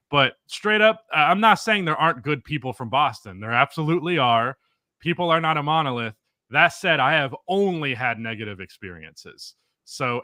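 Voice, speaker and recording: A man's voice: medium pitch, bright, forceful tone, dry recording. A man co-hosting a casual sports podcast, ranting with blunt, profane opinions. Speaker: podcast co-host.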